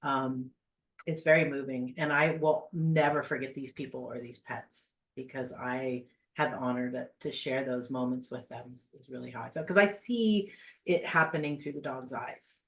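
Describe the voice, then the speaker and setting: An animal communicator guest telling heartfelt stories in a casual podcast chat, with many pauses and fillers. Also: mid-range voice, steady tone, gravelly, a bit bright.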